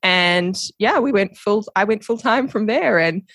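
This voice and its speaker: A young woman with a New Zealand accent tells her story as a podcast guest. She talks animatedly, laughs often and acts out what others said. Her voice sits in the middle of the pitch range, and the sound is dry and close. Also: measured pace, a bit bright, no room sound. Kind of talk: casual storytelling interview.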